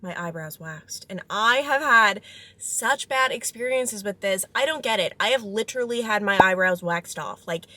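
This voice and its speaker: A woman's voice: medium pitch, normal speed, dry recording. A woman in her twenties chatting casually to camera as a vlogger, telling stories with lots of fillers. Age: 20s. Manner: chatty, animated, filler-heavy storytelling. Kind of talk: casual vlog chat.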